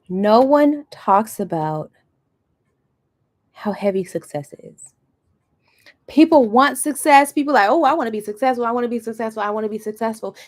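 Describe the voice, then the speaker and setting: Animated motivational woman coach. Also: mid-range voice. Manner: animated, acts out quoted voices, checks in with "okay?". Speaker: coach teaching a masterclass. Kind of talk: motivational talk.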